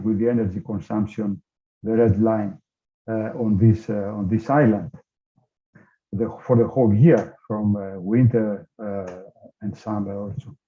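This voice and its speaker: A man giving a technical workshop presentation, pausing often with many filler sounds, heard over a video call. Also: fairly low pitch. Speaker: workshop speaker. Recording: tinny phone-like line.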